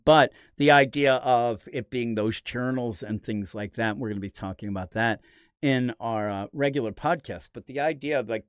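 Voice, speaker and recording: A man's voice: medium pitch, clear, resonant tone, no echo, studio quality. A man hosting a casual comic book review podcast, telling stories in a fired-up way and mocking people with quoted voices. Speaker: podcast host.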